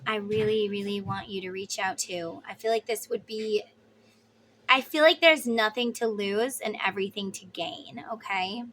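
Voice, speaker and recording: A woman's voice: medium pitch, normal speed, a bit bright, a little hiss or hum. A woman giving a casual tarot reading to her viewers, chatty and emphatic, sometimes blunt and swearing. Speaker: tarot reader.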